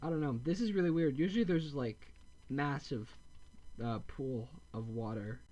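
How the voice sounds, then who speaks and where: A man talking through a modded block-building game in loose, casual commentary. He rambles, corrects himself often and slips in deadpan dark jokes at a middling pitch. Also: normal speed, dull audio. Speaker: gameplay video host.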